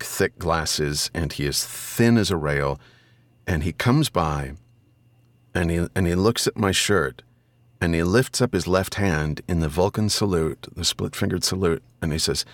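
A middle-aged man, an audiobook narrator, telling stories casually as a podcast guest, animated and swearing freely, with sudden loud high-pitched asides. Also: no echo. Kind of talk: casual storytelling interview.

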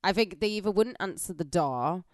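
Woman, low voice, dry teasing humor, podcast chat. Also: lively intonation, moderate pace, no echo. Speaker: podcast co-host. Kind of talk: casual chat.

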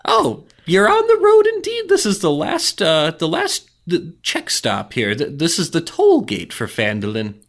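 A game master voicing a scheming little goblin who runs a fake toll gate and speaks in a high, old-fashioned, mock-polite way. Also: male voice, wildly swooping pitch, unhurried, few pauses, fairly bright tone, heavily acted. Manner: high squeaky put-on voice, archaic greetings. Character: sly goblin toll-keeper, small and scheming.

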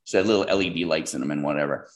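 A man's voice: extremely low pitch, very fast. A middle-aged man, a guest telling a business story in a casual interview, rambling with fillers and acting out the people he quotes. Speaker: guest, software business founder.

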